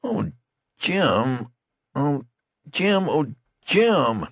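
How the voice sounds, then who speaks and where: A man's voice: a little high, very animated, very slow, no echo, studio quality, voice pushed up, full character voice. A man voicing a young male soldier who stammers and cries out in anguish over a wounded friend. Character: young male soldier, panicked and grief-stricken.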